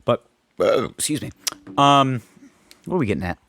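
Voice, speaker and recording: A man's voice: medium pitch, moderate pace. A man in his thirties co-hosting a podcast, chatting casually and telling joking stories. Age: 30s. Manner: joking, animated storytelling. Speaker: podcast co-host. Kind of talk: casual chat.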